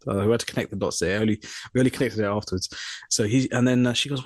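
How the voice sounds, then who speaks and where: This young male co-host has a fairly low voice and talks very fast, recorded at studio quality with no room sound. On the podcast he animatedly relates a funny work story, performing the characters' voices in quotes.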